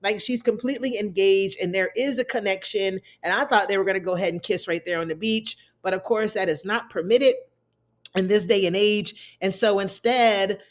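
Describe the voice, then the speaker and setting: A woman hosts a casual TV recap, chatting about scenes and acting out the characters' lines. Her voice is mid-range and she speaks at a normal speed.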